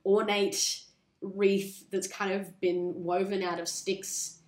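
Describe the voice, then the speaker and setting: A woman chatting on a podcast in a casual, rambling way, with a mid-range voice. She slips into quick impressions of characters as she retells a story. The sound carries an echo from the room. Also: medium pitch, flat delivery. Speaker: podcast host. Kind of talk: casual chat recapping a film.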